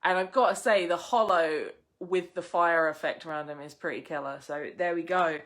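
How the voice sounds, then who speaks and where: A young woman hosting a casual live unboxing, chatty and excitable, gushing over each card she pulls. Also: on the low side, moderate pace. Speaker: livestream host opening card packs.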